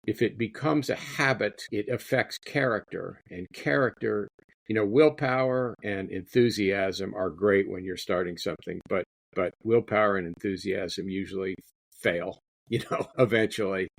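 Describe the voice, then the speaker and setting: Deep-voiced man, rambling author guest. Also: normal speed, gravelly, no room sound. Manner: rambling, repeats his words. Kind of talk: interview conversation.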